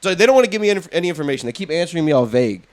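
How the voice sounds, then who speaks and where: Fast-talking high-voiced man telling a story. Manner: animated, profane, acts out quotes. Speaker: podcast host. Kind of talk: casual storytelling chat.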